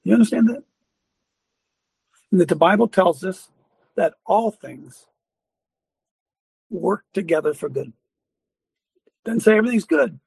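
Gravelly, high-voiced older preacher-host. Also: male voice, animated, a little slow, pauses often, darkish tone, dry recording. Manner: fervent, preachy, laughs often. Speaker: radio talk show host. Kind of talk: Christian call-in talk show.

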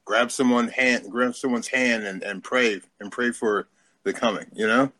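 A man's voice: medium pitch, steady tone, moderate pace, bright, forceful tone. A man calling in to a faith talk show, speaking in an earnest, preachy way.

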